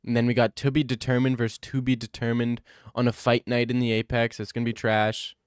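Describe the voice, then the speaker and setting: A man's voice: medium pitch, little pitch movement, fairly quick, smooth, dry recording, clean studio sound. A young man streaming, chatting casually, joking, laughing and swearing freely.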